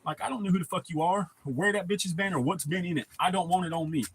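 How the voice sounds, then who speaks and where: A man chats on a live stream, telling blunt, profanity-laced stories to his viewers. His voice is a little husky and sits somewhat high for a man. He talks plainly and bluntly. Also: fast, rough recording. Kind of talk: casual storytelling to a live chat.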